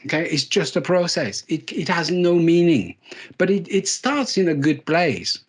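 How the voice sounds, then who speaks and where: Male keynote speaker, slightly higher register, animated storyteller with dry self-mocking jokes. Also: moderate pace, slightly rough. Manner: lively storytelling, self-deprecating humour, repeats words for emphasis. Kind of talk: live leadership talk.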